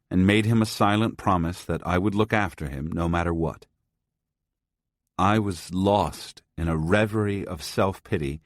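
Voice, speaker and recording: A man narrating a first-person story as an audiobook, in a measured, sober way. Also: low voice, no room sound, studio quality.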